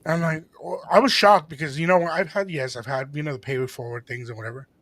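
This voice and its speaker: A middle-aged man co-hosting a radio show, telling a story in a lively way and acting out the voices of the people in it. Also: a little high, quick pace, no echo. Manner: animated, acts out quoted voices, mixes in Spanish phrases. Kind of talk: casual storytelling chat.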